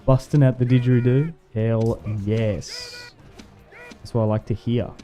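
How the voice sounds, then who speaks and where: A man's voice: medium pitch, steady tone, a little slow, warm tone, faint music behind. A young man streaming a game, laughing a lot and mimicking voices as he tells stories, jet lagged. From Australia. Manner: laughs often, mimics other voices when retelling. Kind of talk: casual livestream chat while gaming.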